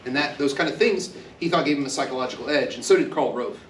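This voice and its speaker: A man's voice: medium pitch, fast, slight background noise. A man from Texas giving a conversational university lecture, joking and acting out quoted voices. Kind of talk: classroom lecture. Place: university classroom. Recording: echoey classroom, speaker far from mic.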